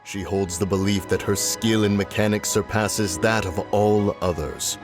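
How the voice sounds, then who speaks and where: Man doing a deep slow stately mountain spirit for a game, formal talk, music under it. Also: steady tone, lightly acted. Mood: stern. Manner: measured, formal archaic speech.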